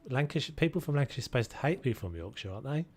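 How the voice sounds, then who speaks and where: A man's voice: mid-range voice, expressive, very fast, breathy edge. Male streamer, chatty and rambling, talking to chat with faint game music under him. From United Kingdom. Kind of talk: casual gaming livestream commentary.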